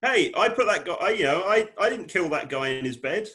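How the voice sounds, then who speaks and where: A man playing a tabletop game, declaring his character's actions with quick, agreeable replies. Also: high-pitched, expressive, sharp tone. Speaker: player. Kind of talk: casual tabletop play.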